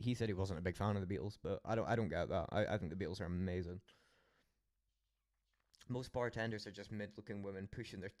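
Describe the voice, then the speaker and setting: Sweary young Scottish man, low-voiced. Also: darkish tone, dry recording, studio quality. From Scotland. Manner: rambling, swearing storyteller with frequent laughs. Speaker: streamer. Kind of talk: casual late-night stream chat.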